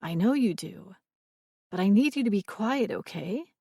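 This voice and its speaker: A woman voicing a weary young father who talks to a small child quietly and patiently. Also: mid-range voice, expressive, measured pace, creaky, husky, no echo, studio quality, heavily acted. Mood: coaxing.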